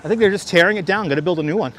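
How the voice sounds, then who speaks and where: A man's voice: high voice, rapid-fire, a bit bright, a little hiss or hum. A man hosting a casual walking livestream outdoors on city streets, talking on a clip-on mic, restarting phrases and thanking viewers as he goes. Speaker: livestream host. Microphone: wireless clip-on mic.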